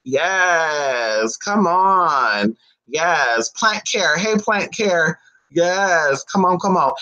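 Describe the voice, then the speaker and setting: A spiritual reader chatting live with viewers in a sassy, fast way, calling them honey, with big swings in pitch. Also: very animated, bright, forceful tone, rough recording. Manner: talks fast. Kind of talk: live-stream chat with viewers.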